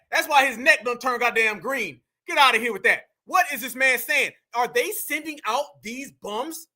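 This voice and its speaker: A man giving brash, slangy, mocking reaction commentary, taunting and sometimes bursting into shouts. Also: extremely high pitch.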